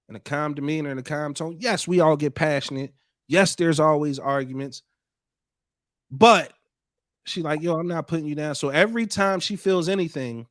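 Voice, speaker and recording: A man hosting a podcast, talking in an animated, emphatic way and repeating points for effect. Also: fairly high pitch, dry recording, studio quality. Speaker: podcast host. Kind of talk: podcast commentary.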